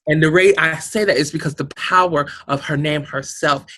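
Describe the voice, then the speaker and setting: A woman's voice: sits low, moderate pace, a bit bright, a little hiss or hum. A woman guest in a heartfelt interview, speaking emphatically and passionately, with a preacher-like, rousing manner and salty language. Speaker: guest, community organization director.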